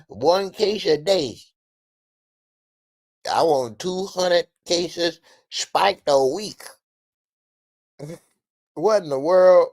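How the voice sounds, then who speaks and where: A man hosts a podcast in loose, slangy commentary, animated and quick to laugh. His voice is gravelly and his delivery unhurried. The recording is dry and close, with no room sound. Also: a little high, no echo. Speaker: podcast host. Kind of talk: casual commentary.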